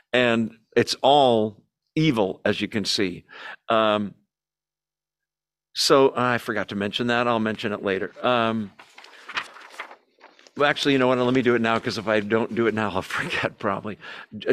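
A man's voice: medium pitch, a bit bright. A man teaching a Bible study in a conversational way, explaining terms plainly with some fillers.

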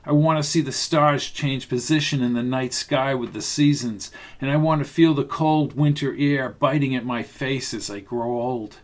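A man narrating an audiobook, voicing a troubled, emotional young woman in a softly raised, breathy tone. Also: medium pitch, normal speed, few pauses, natural voice. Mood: wistful.

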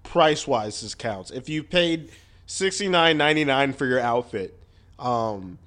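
A man co-hosting a podcast, talking in a deliberate, wry way and often correcting himself. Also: mid-range voice, lively intonation, a bit bright. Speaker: podcast co-host. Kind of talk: casual joking chat.

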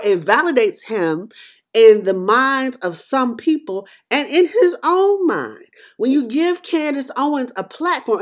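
A middle-aged woman hosting a podcast, speaking in an emphatic, preacherly monologue that swings between loud and quiet. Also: sits high. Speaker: podcast host. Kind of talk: impassioned commentary monologue.

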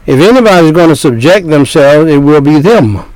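A man's voice: fairly high pitch, lively intonation, moderate pace, a little mellow, no room sound, rough recording. An older man preaching a sermon, scolding his listeners with repeated points and rhetorical questions.

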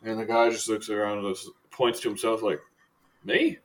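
A man's voice: fairly low pitch, level tone, fairly quick. A man narrating as game master in a tabletop game. He talks loosely and laughs often.

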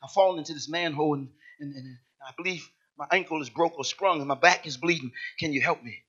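A man's voice: fairly high pitch, fast, a bit bright, slightly rough. A preacher voicing an injured man stuck in a hole, who pleads and rattles off his complaints in a rush. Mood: pleading. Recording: dull lo-fi church recording.

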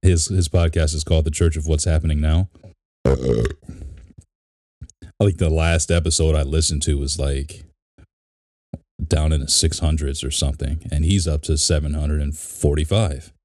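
A man's voice: a bass voice, fairly even intonation, normal speed, long pauses, darkish tone, no echo, clean studio sound. A man co-hosting a podcast, chatting casually in a rambling, talkative way. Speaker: podcast co-host. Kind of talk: casual chat.

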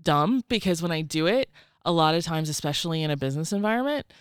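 A woman's voice: low-pitched, expressive, quick pace, clear, resonant tone, dry recording, studio quality. A woman guest in a casual interview, talking in a wry, rambling, self-deprecating way. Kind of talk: casual chat.

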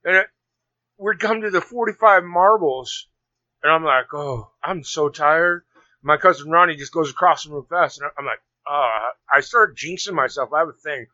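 Man, casual storytelling, rambling, restarts, bright tense voice, dry close sound. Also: on the high side, brisk, no echo. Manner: rambling, animated, many restarts. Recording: dull lo-fi sound.

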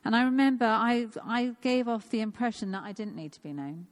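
A woman's voice: on the high side, lively intonation, brisk. A woman of fifty giving an informal, personal sermon in a church, earnest and repeating phrases for emphasis. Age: 50s. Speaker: church speaker.

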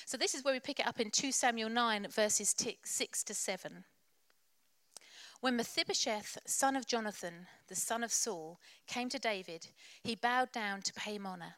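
A woman's voice: a little high, moderate pace, fairly bright tone, no room sound. A woman preacher delivering a sermon in church, passionate and exhorting, with playful asides.

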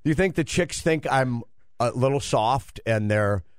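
A man's voice: medium pitch, expressive, unhurried, clear, resonant tone, no echo, studio quality. A man co-hosting a radio show, rambling defensively in casual banter. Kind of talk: casual chat.

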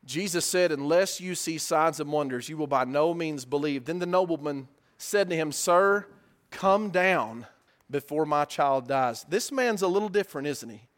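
A man preaching a sermon, asking rhetorical questions and swinging between loud emphasis and hushed lines. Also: a little high, normal speed.

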